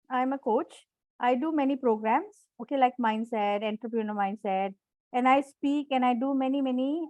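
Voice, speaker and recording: A woman's voice: high voice, no echo, highs cut off. A woman coach leading a live online class on self-management, encouraging and repetitive, often checking in with questions to her students.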